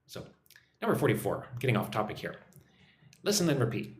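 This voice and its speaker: Lively American man teaching English live. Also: mid-range voice, brisk, echoey room, soft background music. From United States. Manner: upbeat, reads viewer names aloud, models phrases to repeat. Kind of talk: casual live-stream lesson, reading chat comments. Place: home in a Vietnamese city.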